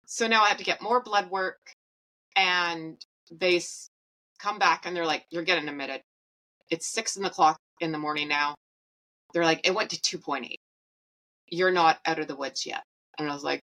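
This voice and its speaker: A woman's voice: lowish voice, normal speed, pushed and bright, low-quality recording. A woman in her thirties, a podcast host, telling a personal story in a candid, wry and emotional way.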